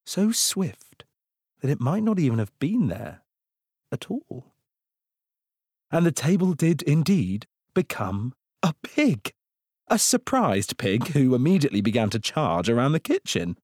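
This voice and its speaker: A man narrating a children's storybook in an expressive, unhurried reading. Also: medium pitch, husky, no echo, studio quality. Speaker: audiobook narrator.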